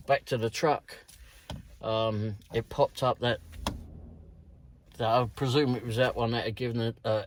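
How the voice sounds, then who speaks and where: Rambling British man, swearing delivery driver. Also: mid-range voice. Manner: rambling, swears freely, chuckles. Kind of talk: casual storytelling vlog.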